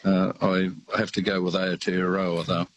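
An older Australian man with a very deep voice calls in to a talk show. He rambles warmly through his stories, pausing often and restarting his sentences. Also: flat delivery, no echo, rough recording. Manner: halting, rambling storyteller with many fillers. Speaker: radio caller. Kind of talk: casual phone-in chat.

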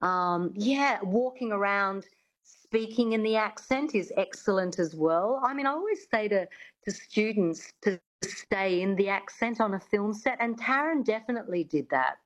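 A woman's voice: medium pitch, expressive, normal speed, low-quality recording. A woman, a coach talking in an interview, chatty and full of restarts. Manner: chatty, many restarts and "I mean". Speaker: accent coach. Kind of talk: radio interview guest.

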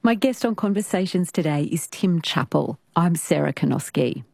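A woman hosting a radio interview, asking measured, thoughtful questions. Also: fairly low pitch, lively intonation, gravelly, a little mellow, no room sound. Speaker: host.

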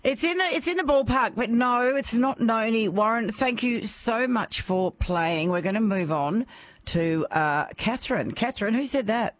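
An Australian woman hosting a radio quiz, bubbly and quick to laugh. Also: on the high side, expressive, no echo. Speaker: radio host. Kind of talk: radio quiz show chat.

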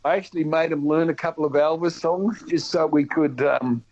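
An Australian man chatting on the radio, with a slightly high voice that keeps restarting its sentences in lively bursts. The sound is dull and lo-fi. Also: moderate pace. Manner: chatty and animated, with many restarts. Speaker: guest. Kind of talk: casual radio chat.

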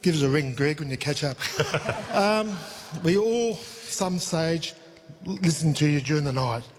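Emotional man, higher voice. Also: expressive, unhurried, long reverb tail, a little hiss or hum. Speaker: listener in the crowd.

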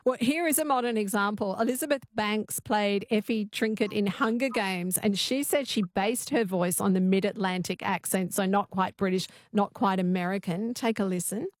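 Woman radio host, mid pitch, lively, conversational, dry close sound. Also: moderate pace, hardly any pauses, dry recording. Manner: lively and conversational, reading listener messages. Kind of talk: radio interview.

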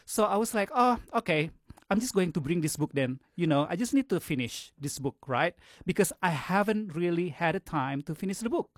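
Relaxed man, many fillers. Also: high-pitched, brisk, hardly any pauses, dry recording, studio quality. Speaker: radio guest. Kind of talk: casual interview, personal account. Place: radio studio. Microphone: studio mic.

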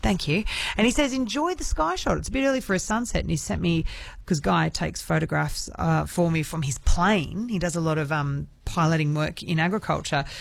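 Lively gravelly woman radio host. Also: sits low, no room sound. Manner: chatty, restarts often. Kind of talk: casual radio chat. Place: radio studio.

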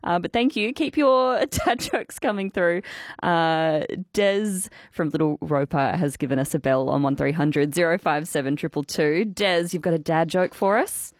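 A woman hosting talkback radio, bubbly and quick to laugh, chatting with callers. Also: on the low side, dry recording, studio quality. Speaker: radio host. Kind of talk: casual talkback radio chat.

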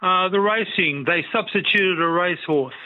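A man calling in to a radio quiz, polite and measured, with hesitations. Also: high-pitched. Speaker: caller. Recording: tinny phone line.

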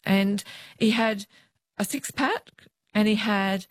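A middle-aged Australian woman recounts her years on the police beat, acting out the voices of the people she met. Her voice sits at an ordinary pitch for a woman, and the recording is dry and close. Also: slow, no room sound. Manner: lively anecdotes, quoting others' voices. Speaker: former police officer, guest. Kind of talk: interview storytelling.

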